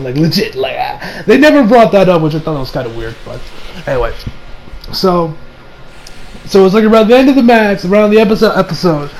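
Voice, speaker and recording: Excitable high-voiced man gushing over anime. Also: low-quality recording. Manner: excitable, rambling, swears often, bursts of loud laughter. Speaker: anime reviewer. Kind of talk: casual reaction commentary.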